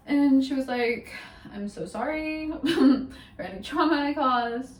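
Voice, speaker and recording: Young woman vlogger, higher-pitched, chatty and rambly, roomy home sound, faint room noise. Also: normal speed, recorded from a distance. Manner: chatty, rambling, full of "like" and "literally". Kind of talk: casual storytime vlog.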